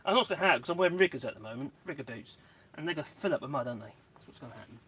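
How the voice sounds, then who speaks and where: A man's voice: on the high side, animated, very fast, background noise. A man, live-streaming casual chat from his garden, rambling with asides to his dogs and viewers, recorded outdoors on a phone on a tripod. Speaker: channel host. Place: outdoor garden, kneeling in mud.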